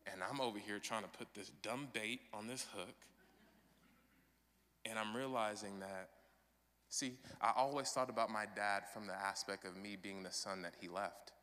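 A pastor in his thirties delivers an impassioned sermon, his low voice bright and forceful. He swings between loud proclamation and quiet, personal confession. His words ring with a long reverb through a church hall. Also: fairly even intonation, normal speed. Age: 30s.

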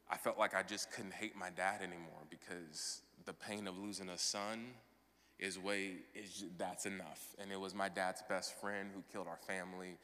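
A man in his thirties preaching a sermon as pastor, swinging from loud proclamation to soft, personal confession. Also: sits low. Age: 30s. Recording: long hall reverb.

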